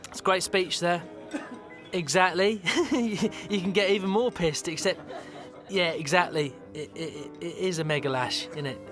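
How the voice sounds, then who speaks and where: A man's voice: high voice, normal speed, fairly bright tone, soft background music. An actor playing an awkward, rambling young Englishman at a wedding, talking in hesitant stammers and nervous laughs. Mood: bantering. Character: awkward rambling man at a wedding, fumbling and overeager. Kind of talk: radio comedy monologue.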